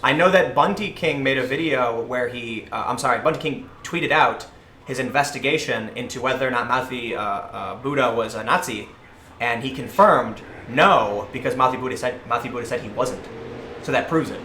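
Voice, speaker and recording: A man in his thirties hosting a casual live stream, telling rambling, animated stories and acting out what people said to him. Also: medium pitch, moderate pace. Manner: rambling, animated storytelling, acting out quoted voices. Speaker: livestream host. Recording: echoey room, faint noise.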